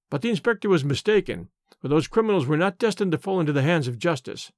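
Male storyteller, measured audiobook read, lively intonation, slightly high voice. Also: no room sound, studio quality. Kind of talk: audiobook narration.

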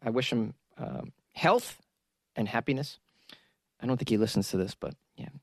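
A man's voice: medium pitch, lively intonation, normal speed, dry recording, studio quality. A middle-aged man, a comedian hosting his own podcast, talking casually and rambling with self-interruptions. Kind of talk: casual solo podcast talk.

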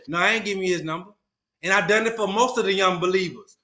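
An earnest man tells a story with colloquial emphasis as a podcast guest. His voice is high and bright. The room around him sounds echoey. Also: quick pace. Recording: roomy echo.

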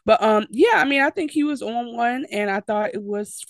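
A woman co-hosting a podcast, chatting about a TV episode in an animated way with laughing asides and many fillers. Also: fairly high pitch, moderate pace, no room sound. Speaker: podcast co-host. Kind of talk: casual TV recap chat.

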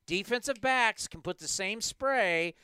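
A man hosting a sports talk show, ranting in an animated, emphatic way into a studio microphone. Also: sits high, unhurried, clear, resonant tone, dry recording. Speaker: sports podcast host.

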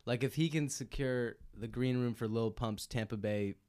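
A young man in his twenties telling a story in casual chat, breaking into loud impressions and laughing as he goes. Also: mid-range voice, moderate pace, no room sound, studio quality. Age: 20s.

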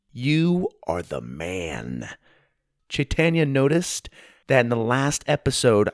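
A man's voice: mid-range voice, no echo, clean studio sound. A man hosting and narrating a children's story podcast, upbeat and friendly. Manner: upbeat and friendly, shouting out listeners.

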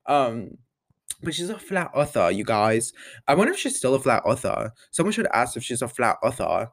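A young podcast host rambles casually through a solo episode, his mid-range voice swinging widely in pitch at a normal speed. He's chatty and leans heavily on "like" and "um," recorded with studio quality and no echo.

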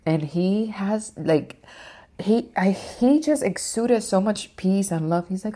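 Woman vlogger with a low voice, emotional rambling story, lots of you knows. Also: lively intonation, takes it slowly, mellow. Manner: emotional, rambling, many fillers and swears. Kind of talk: personal storytelling.

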